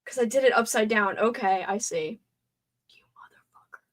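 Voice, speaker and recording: A woman's voice: a little high, a little fast. A young woman hosting a casual livestream, chatting to herself as she crafts and sometimes swearing under her breath. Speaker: livestream host.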